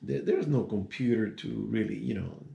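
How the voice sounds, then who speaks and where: A man's voice: lowish voice, normal speed, creaky, dark tone, highs cut off. A man in his sixties telling a personal story in a casual, rambling way, with many asides and restarts. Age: 60s. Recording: echoey room.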